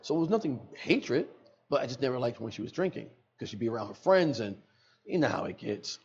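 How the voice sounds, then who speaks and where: A man's voice: mid-range voice, lively intonation, a little fast, darkish tone, dull audio. A middle-aged man, a podcast guest, telling an emotional personal story in earnest, repeating phrases for emphasis, recorded in a studio.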